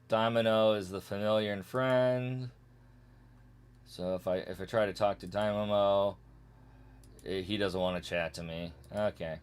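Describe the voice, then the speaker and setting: A low-pitched, smooth male voice carries casual let's-play commentary over a retro game stream. He jokes easily and rushes through the game's text with strings of "blah blah" and "meow."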